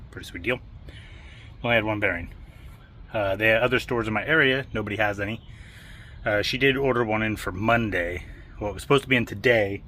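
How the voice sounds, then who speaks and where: Winded, low-voiced man wrenching on a jeep. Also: sharp tone, a little hiss or hum. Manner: self-mocking, chatty, talks while working. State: out of breath from work. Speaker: home mechanic vlogger. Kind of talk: casual workshop commentary. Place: outdoor driveway garage.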